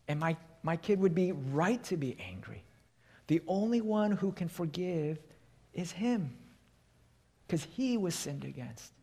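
A male pastor, very animated and slightly rough-voiced, preaches without hurrying, a little high in pitch for a man. He illustrates with stories and softens into a quiet tone to stress points.

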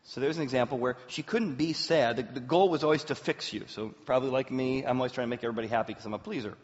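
A man in his forties, a pastor preaching a sermon as an animated storyteller, with big swings in pitch and loudness. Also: fast talker. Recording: roomy hall, dull sound.

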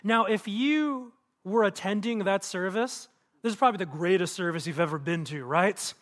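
A man preaching to his congregation in a church, animated, acting out quotes and asking the room questions. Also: high voice, moderate pace. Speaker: pastor. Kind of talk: sermon. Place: church auditorium.

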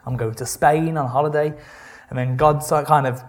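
A man giving a conversational sermon, reading scripture and retelling it with wry, animated asides. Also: on the high side, moderate pace. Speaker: preacher.

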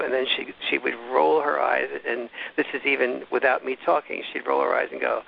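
A man appears as an interview guest, speaking a little fast at a medium pitch in a steady, gravelly voice with a breathy edge. He explains things at length in a casual, discursive way, often restarting, and the recording sounds dull and slightly lo-fi.

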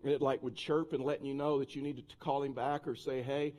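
A male pastor preaching a sermon, telling a personal anecdote in a lively, conversational way with many restarts and asides. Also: mid-range voice, quick pace.

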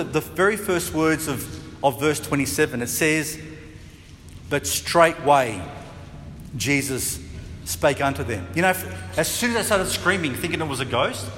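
A man preaching a sermon as pastor, chatty and lively, now and then acting out voices with a laugh. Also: on the high side, big-room sound, slight background noise. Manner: conversational, acts out voices and laughs.

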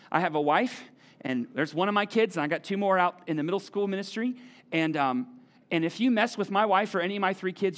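A middle-aged pastor delivering a sermon in a church auditorium. He talks in a loose, conversational way and comes back to key words to drive them home. His voice sits a little higher than most men's. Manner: animated, conversational preaching with repeated phrases.

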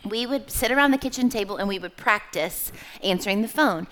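A middle-aged woman giving a church testimony talk as a small group leader, chatty and animated, asking her audience questions. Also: mid-range voice, quick pace, few pauses.

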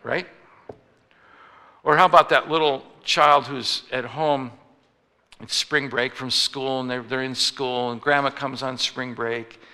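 A man's voice: medium pitch, steady tone, measured pace, bright, forceful tone, long reverb tail. A man preaching a sermon in a conversational way, often restarting his phrases and acting out little stories. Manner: conversational, with frequent restarts and acted-out anecdotes.

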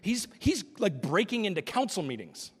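A man's voice: high voice, very animated, moderate pace, breathy edge, long reverb tail. A man preaching a sermon as pastor, acting out quotes and dropping to a whisper for emphasis.

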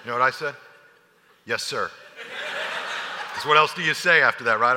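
Bright-voiced pastor preaching in a reverberant hall. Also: male voice, mid-range voice, a little fast, pauses often. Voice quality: animated storyteller, acts out his own lines. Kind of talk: sermon with personal story.

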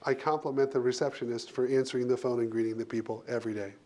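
Man, HR leader, panel guest; mid-pitched, punchy and emphatic. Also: steady tone, quick pace, mellow. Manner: emphatic, punchy short phrases with repetition.

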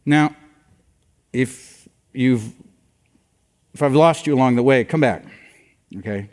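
A man's voice: mid-range voice, slow pace. An older man preaching a sermon as a pastor, telling stories and acting out the dialogue with animation. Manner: animated storytelling that acts out dialogue. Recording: long reverb of a large hall.

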